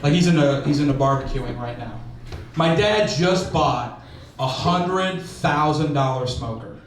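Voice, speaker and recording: A man's voice: mid-range voice, animated, measured pace. A man from Oklahoma telling casual stand-up stories, full of "like". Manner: casual, storytelling, lots of "like". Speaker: stand-up comedian. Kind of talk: stand-up comedy set. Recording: very echoey room, distant mic, background noise.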